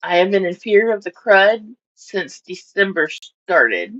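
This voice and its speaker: A woman's voice: mid-range voice, big pitch swings, slow pace, fairly bright tone. Chatty woman rambling on a lo-fi stream. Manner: chatty, rambling, voices her fish in silly asides. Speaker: fish-keeping streamer. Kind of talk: casual live-stream chat. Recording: dull lo-fi stream audio.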